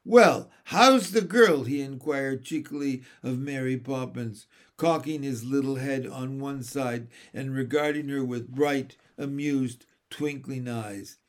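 A man reading a children's story aloud in a gentle, measured narration. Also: medium pitch, little pitch movement. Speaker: reader.

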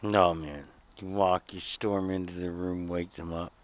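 A man in casual podcast banter, cracking dry deadpan crude jokes. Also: deep voice, measured pace. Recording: phone-like sound with faint hiss.

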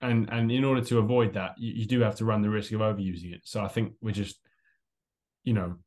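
A man's voice: lowish voice, quick pace. A young man, co-hosting a casual podcast and telling a story with lots of laughs and acted-out quotes. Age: young adult. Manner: animated storyteller, laughs often, acts out quotes. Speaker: podcast co-host. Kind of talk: casual chat.

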